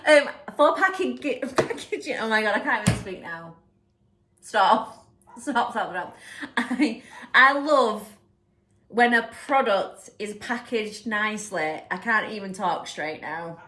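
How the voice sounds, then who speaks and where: A young adult woman, chatting casually and gushing excitedly as she unboxes a gift at home for her vlog. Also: medium pitch. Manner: bubbly, gushing, giggly. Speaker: lifestyle vlogger. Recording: echoey room.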